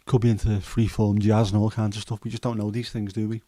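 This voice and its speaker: A hoarse Liverpool man in his fifties with a Scouse accent hosts a livestream, chatting loosely and wandering between jokes with lots of ums. His low, mellow voice is flat in delivery and quick in pace, recorded dry and close with no echo.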